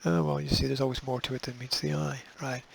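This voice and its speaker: A man's voice: mid-range voice, little pitch movement, fast, creaky, breathy edge, dry recording, rough recording. A man hosting a show, reading news items aloud and breaking off with sarcastic, dismissive asides. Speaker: host.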